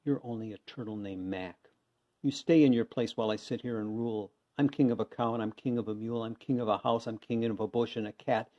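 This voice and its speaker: A man's voice: medium pitch, steady tone, a little fast, close to an everyday voice. A man voicing a pompous, boastful male turtle king who barks his orders, on a dull lo-fi recording. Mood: bossy. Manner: barking, bossy, loud. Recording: dull lo-fi sound.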